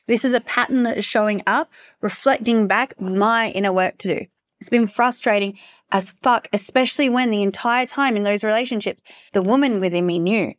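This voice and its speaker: A woman hosting a solo podcast, talking in an impassioned, emphatic way and swearing freely. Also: on the high side. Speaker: podcast host.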